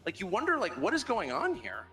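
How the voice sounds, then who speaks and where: Man, interviewer, questioning tone, slightly high voice, faint music underneath. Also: wildly swooping pitch, pushed and bright. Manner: earnest, questioning, halting restarts. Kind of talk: interview conversation.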